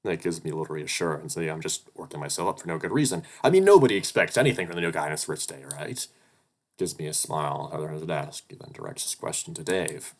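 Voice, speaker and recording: A man with a very low voice reads a visual novel aloud, breaking into flustered, swearing commentary. His reading is casual and excitable. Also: quick pace, vocal fry. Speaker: let's play narrator.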